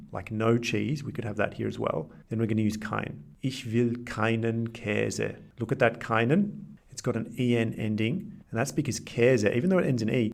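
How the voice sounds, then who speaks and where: A man teaching a grammar lesson, explaining clearly and slowing down to say example sentences. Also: mid-range voice. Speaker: language teacher.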